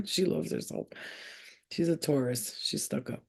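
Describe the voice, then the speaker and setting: Woman vlogger, casual and profane, with a gravelly, mellow voice and baby-talk asides. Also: deep voice, normal speed. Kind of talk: casual chat.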